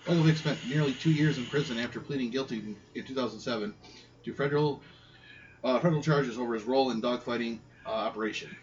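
A man co-hosting a casual podcast, reading news haltingly and arguing mildly. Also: medium pitch, faint music behind. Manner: halting, stumbling reader, conciliatory. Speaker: podcast co-host. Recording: lo-fi audio with background noise.

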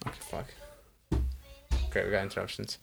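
A young man telling stories in casual chat, animated and swearing a lot, acting out what people said. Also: low voice, fairly quick, vocal fry, faint music behind. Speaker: podcast co-host.

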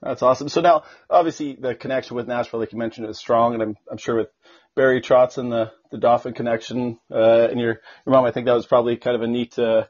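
A man's voice: mid-range voice, steady tone, fast talker, a little mellow, husky, muffled recording. A man hosting a podcast, talking in a loose, chatty, conversational way as he introduces and interviews a guest. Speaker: podcast host.

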